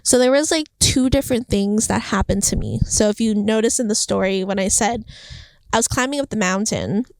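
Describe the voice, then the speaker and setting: A young woman talking about her faith in a casual vlog, chatty and animated, filling her sentences with "like" and acting out what was said. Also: medium pitch, fairly quick, vocal fry, no echo. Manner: chatty, heavy use of "like", animated quoting. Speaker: faith vlogger. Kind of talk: casual devotional vlog monologue. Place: indoors, Los Angeles home. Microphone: phone or camera mic.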